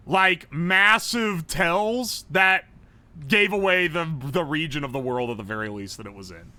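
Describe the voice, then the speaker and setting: A man streaming live, commenting on a game with blunt, profane, quick reactions. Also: fairly high pitch, sharp tone, no room sound.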